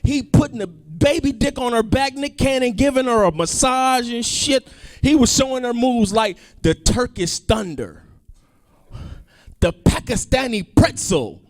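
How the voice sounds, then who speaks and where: A male comedian doing a stand-up set, animated, swinging between loud outbursts and low asides. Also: measured pace.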